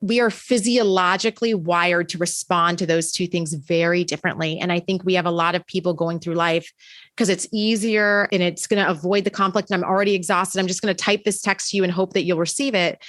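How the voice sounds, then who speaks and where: A woman's voice: fairly low pitch, steady tone, fairly quick, a bit bright, dry recording. A woman who teaches college, answering in a podcast interview with earnest, emphatic storytelling.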